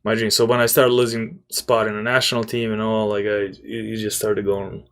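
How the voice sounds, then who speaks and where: A man's voice: fairly low pitch, a little fast, clear, resonant tone. Serbian-accented young man telling stories. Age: young adult. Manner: animated, swears and laughs while telling stories. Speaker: podcast guest, former college basketball player. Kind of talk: casual storytelling interview.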